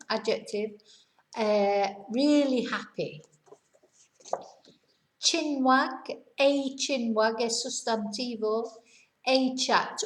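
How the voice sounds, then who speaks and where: A woman, patiently teaching a vocabulary lesson and explaining each word with examples. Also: fairly high pitch. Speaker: English teacher. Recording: roomy echo.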